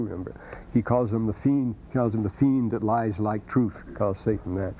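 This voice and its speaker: A male lecturer talks through his material in a mellow, darkish voice, circling back and restarting his sentences as he goes. The recording is dull and lo-fi, with a faint hiss underneath. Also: fairly low pitch, steady tone, moderate pace. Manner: rambling, scholarly, many restarts and asides. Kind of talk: classroom lecture.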